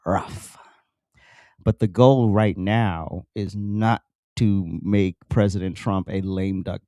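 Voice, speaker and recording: A man's voice: low-pitched, dark tone, no room sound, studio quality. A man hosting a political commentary show, ranting emphatically with sarcastic asides and plenty of repetition. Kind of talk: political rant monologue.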